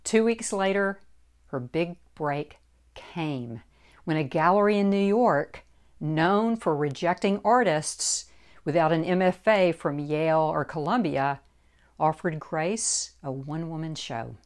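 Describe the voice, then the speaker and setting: A woman reads her own book aloud in a measured, deliberate narration. Her voice sits on the low side, and she moves through the text at an unhurried, drawn-out pace. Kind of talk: audiobook narration.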